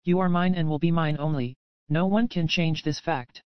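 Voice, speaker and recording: A woman reading the lines of a possessive, controlling man obsessed with his captive, in a low, measured, menacing tone. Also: fairly even intonation, smooth, dry recording, muffled recording, close to an everyday voice.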